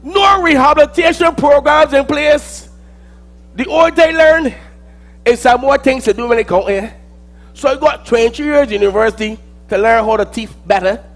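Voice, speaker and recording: A man with a Barbadian accent performing a dramatic spoken-word monologue, theatrical and swinging between loud outbursts and low mutters. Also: animated, moderate pace, faint music behind.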